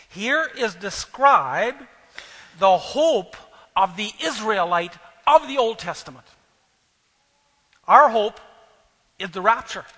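Earnest preacher, high bright voice. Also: male voice, in a large hall, low-quality recording. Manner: earnest, swelling louder on key phrases. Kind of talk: sermon with scripture reading.

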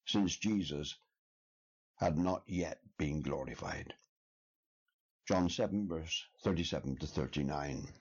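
A man's voice: sits low, darkish tone, slightly rough. A man preaching an expository sermon in an earnest, emphatic way, building his points with repeated questions. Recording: dull lo-fi sermon recording.

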